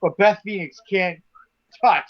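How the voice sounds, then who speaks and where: A man's voice: sits high, a little slow, no room sound, dull audio. A man co-hosting a casual wrestling talk show, emphatic and prone to repeating himself as he makes his points. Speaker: podcast co-host.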